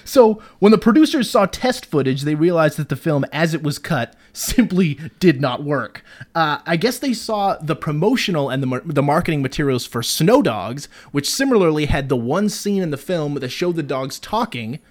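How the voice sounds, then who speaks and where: A man co-hosting a casual movie review podcast, animated and profane, laughing often. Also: a little high, moderate pace. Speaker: podcast co-host.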